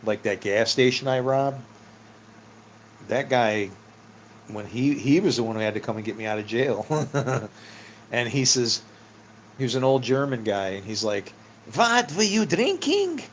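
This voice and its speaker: A man's voice: fairly low pitch, a little slow, long pauses, a little hiss or hum. A middle-aged man telling rambling personal stories in a casual, meandering way, laughing often and swearing freely. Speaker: vlogger.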